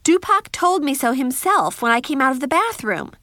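A woman's voice: sits high, big pitch swings, moderate pace, bright, forceful tone, dry recording. A woman narrating a first-person story in a chatty, wry diary style.

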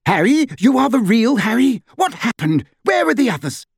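Man doing a shrill panicky mum witch, way up high. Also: sing-song, normal speed, husky, dry recording, studio quality, full character voice. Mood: frantic. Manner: high, cried out. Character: frantic motherly middle-aged witch.

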